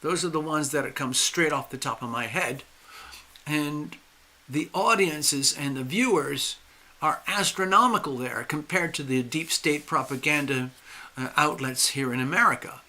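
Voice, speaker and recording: A man hosting a live astrology stream, speaking emphatically with drawn-out stresses and restarts while losing his voice. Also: on the high side, bright, forceful tone. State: losing his voice, clearing his throat. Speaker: astrology and tarot livestream host.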